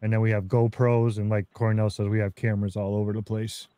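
A man being interviewed as a guest, excitedly retelling his field experiences in casual talk. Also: on the low side, fast, no room sound, studio quality. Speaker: guest researcher.

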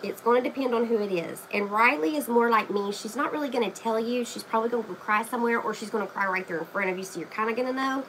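A woman's voice: fairly high pitch, fast talker, few pauses, a bit bright, slight background noise, rough recording. A woman hosting a casual live craft stream, chatting to viewers by name while she paints. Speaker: craft livestream host.

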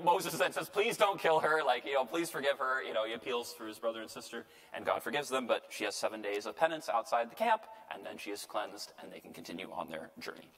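Male priest, mid-pitched, playful Bible teacher, heard with long hall reverb. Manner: lively and joking, tags lines with "right?" and acts out quotes. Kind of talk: casual Bible lecture.

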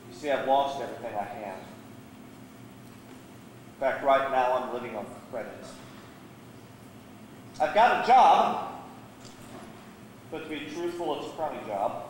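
A man's voice: high-pitched, animated, moderate pace, recorded from a distance, slight background noise. A man voicing a reckless young brother who squandered his fortune, talking brashly, in an echoey church hall. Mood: dejected. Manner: boastful, brash. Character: reckless young man, cocky then broke.

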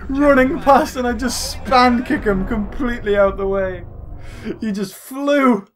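A man doing jokey gameplay commentary as a let's play host, excitable and often shouting at the screen. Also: high voice, measured pace. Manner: excitable and jokey, yelling at the game. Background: game music.

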